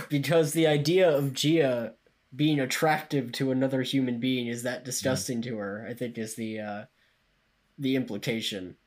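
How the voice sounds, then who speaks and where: A man's voice: mid-range voice, steady tone, moderate pace, a little mellow. A man co-hosting a casual podcast with sardonic quips and laughing reactions. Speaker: podcast co-host.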